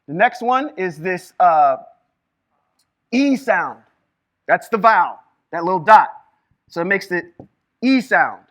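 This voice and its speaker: A man teaching Hebrew reading and scripture to a live group, lively and quizzing the room with questions. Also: sits high. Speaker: Bible teacher. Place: room with a small live audience.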